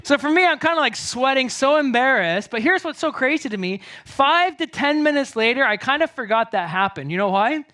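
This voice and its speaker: Animated, chatty pastor storytelling. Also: male voice, very high-pitched, a little fast, few pauses. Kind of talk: sermon.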